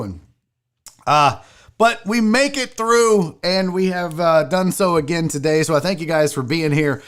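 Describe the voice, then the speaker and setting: Rambling, lively-pitched male show host. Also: normal speed. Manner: rambling, profane, jokey; fiddles with screen sharing as he talks. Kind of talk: casual livestream chat.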